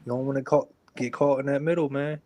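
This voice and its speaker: A man on an online voice chat with a middle-pitched voice. He banters bluntly and swears freely, teasing the others in a casual tone. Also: fairly even intonation, fast, dark tone.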